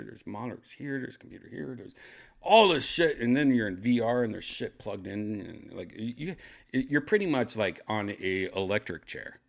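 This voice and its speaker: A man's voice: lowish voice, vocal fry. An older man hosting a casual show from his home, rambling and joking crudely. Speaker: host. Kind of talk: casual chat. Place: second-floor home room.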